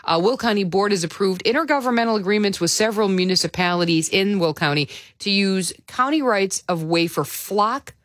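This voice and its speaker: A woman radio host with a Chicago accent chats casually in the studio and reads texts from listeners over a studio mic. Her medium-pitched, fairly bright voice moves fairly quickly with hardly any pauses, and there's no echo.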